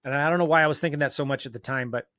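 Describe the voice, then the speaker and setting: A man, a guest on an interview show, telling a self-mocking story in an animated, casual way and acting out bits of dialogue. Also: on the high side, rapid-fire, dry recording, studio quality. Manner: loose talk full of fillers and restarts. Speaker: guest real estate investor.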